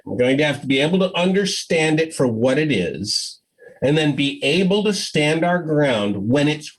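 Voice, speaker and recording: Animated husky-voiced man giving a keynote. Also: mid-range voice, low-quality recording. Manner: animated storytelling, acts out quoted voices. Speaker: keynote speaker. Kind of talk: conference keynote Q&A.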